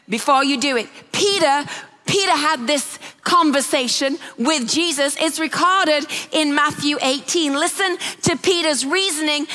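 A woman delivers a sermon, slipping into animated voices as she retells stories. Her voice sits high and bright. A long hall reverb trails behind her words. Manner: animated storytelling, acting out quotes. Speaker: preacher.

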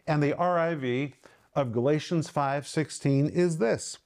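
A man's voice: on the high side, a little mellow. Earnest male Bible teacher. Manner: earnest, slows and lifts his voice for emphasis. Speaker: Bible teacher and ministry host.

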